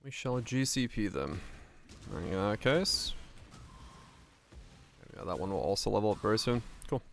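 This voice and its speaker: Low-voiced male streamer with a gravelly edge, quietly mumbling his plans aloud over a faint hum. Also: animated, a little slow. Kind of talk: casual gameplay commentary.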